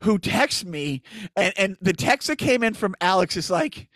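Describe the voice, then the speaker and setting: A man's voice: high voice, big pitch swings, moderate pace, fairly bright tone, dry recording. A man hosting a podcast in a casual, joking way, laughing often between lines. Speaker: podcast host.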